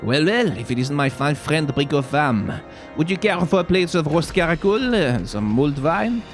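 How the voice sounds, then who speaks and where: A man's voice: a little high, sing-song, moderate pace, faint music behind. A man putting on a hammy fake-French nobleman. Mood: grandly hospitable. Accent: put-on French. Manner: hammy, overdone.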